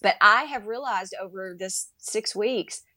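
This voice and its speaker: A woman's voice: mid-range voice, unhurried, no room sound, studio quality. A woman, a mother, talking animatedly as a guest in a casual interview and acting out bits of dialogue. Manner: animated, acts out quoted dialogue.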